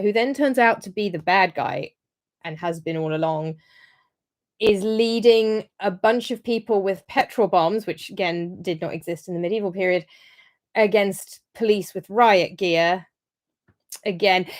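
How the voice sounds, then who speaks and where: A woman hosting a casual livestream review, talking in a chatty, rambling way with frequent ums and restarts. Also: medium pitch. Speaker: historian livestream host.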